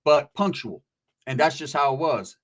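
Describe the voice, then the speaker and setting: A man casually telling a profane, streetwise prison story, slipping into quick impressions of the people in it. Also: a little high, animated, a bit bright.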